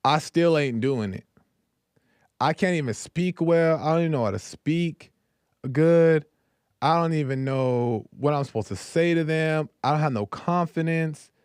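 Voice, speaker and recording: A reluctant Moses played by a man protests in a whiny, slangy way, his voice pitched up. The tone is smooth and clear, close and dry. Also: measured pace, a little mellow, no echo, lightly acted. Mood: stubborn.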